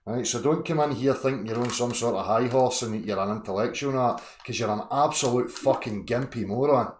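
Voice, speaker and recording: A man's voice: medium pitch, a little fast, echoey room, slight background noise. A Scottish man hosting an online video hangout, ranting at a guest in a heated, profane argument full of insults. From Scotland.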